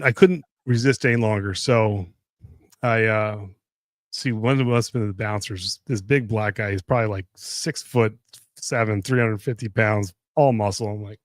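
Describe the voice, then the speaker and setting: A middle-aged man hosting a casual whiskey tasting livestream, telling a story with lively impressions of others. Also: moderate pace, no room sound. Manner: animated storyteller, jumps up high when imitating others. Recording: dry close sound.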